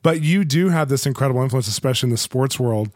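A man's voice: medium pitch, fast talker, no echo, clean studio sound. A man from the United States hosting an interview podcast, enthusiastic and joking, laughing often as he chats. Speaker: podcast host. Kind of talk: casual interview chat.

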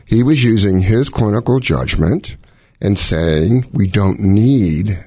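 A man's voice: fairly low pitch, lively intonation, slow, dark tone, husky, no echo, clean studio sound. A middle-aged man, a cardiologist, explaining heart conditions in casual chat with analogies and quoted scenarios. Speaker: cardiologist host.

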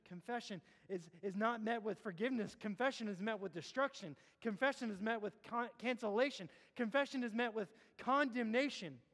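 Man preaching, very high voice, long church reverb, impassioned, loud then hushed. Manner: impassioned, swings between loud urging and low hushed appeals. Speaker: pastor. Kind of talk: sermon. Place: church sanctuary.

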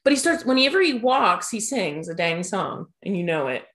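Woman podcast co-host, casual joking recap chat, average pitch. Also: big pitch swings, normal speed, fairly bright tone. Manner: chatty, joking, laughs often.

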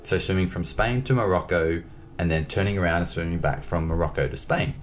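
A man telling a personal story as an interview guest, in a lively way, acting out the dialogue. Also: deep voice, a little fast, slight background noise. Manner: lively, acts out dialogue in his stories. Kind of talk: casual storytelling.

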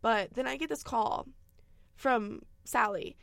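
A woman's voice: on the high side, slow, gravelly, a bit bright, no room sound, studio quality. A young woman, telling a funny story as a podcast co-host and laughing often. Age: young adult. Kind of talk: casual storytelling chat.

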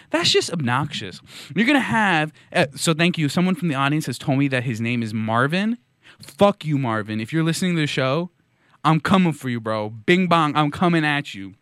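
Animated ranting male podcast host. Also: mid-range voice, no room sound, studio quality. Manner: mock-outraged, sarcastic, ranting. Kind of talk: comedic monologue rant.

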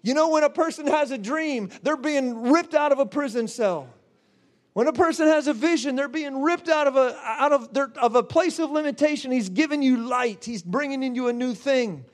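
A man preaching a charismatic sermon in a fervent, exclamatory way, breaking into shouts and laughter. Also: very high-pitched, normal speed.

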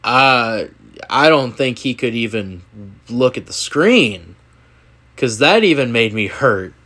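A young man co-hosting a sports podcast, telling stories in a joking, animated way. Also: medium pitch, takes it slowly. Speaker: co-host. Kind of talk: casual sports podcast chat.

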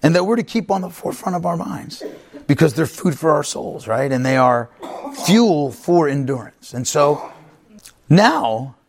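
A man's voice: on the high side, animated, measured pace, creaky. A man pastor preaching an emphatic sermon, often checking in with the congregation. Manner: emphatic, repeats himself, asks the congregation "right?".

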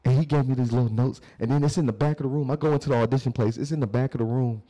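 Mellow-voiced young man telling stories. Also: mid-range voice, fairly even intonation, very fast. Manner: loose, slangy storytelling. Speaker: podcast co-host. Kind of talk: casual storytelling chat.

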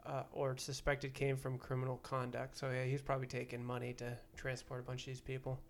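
A man's voice: mid-range voice, completely flat delivery, brisk, creaky. A man co-hosting a casual podcast, reading news headlines aloud as a teasing quiz-master. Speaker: podcast co-host.

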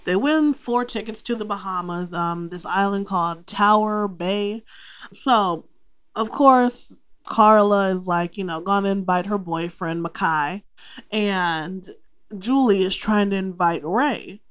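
A young adult woman hosting a casual movie podcast, talking in an animated, profane way and acting out the characters' lines. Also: medium pitch, slow pace, clean tone. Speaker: podcast host.

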